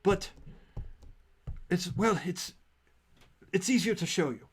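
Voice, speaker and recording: Brief: man as a grand, theatrical father leading a troupe, persuasive, slightly raised pitch. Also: animated, slow, slightly rough, heavily acted. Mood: coaxing. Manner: persuasive and showy.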